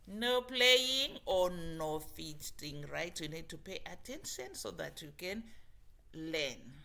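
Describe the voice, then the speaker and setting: A woman's voice: medium pitch, sharp tone. A woman teaching a children's phonics lesson, talking patiently and drawing out model sounds. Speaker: English teacher.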